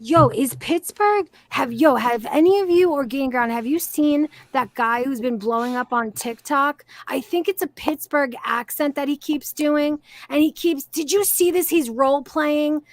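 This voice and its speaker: A woman hosting a casual livestream chat, excitable and profane, peppering her talk with "yo" and "dude". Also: high voice, measured pace, hardly any pauses, no room sound. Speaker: streamer hosting a reaction stream.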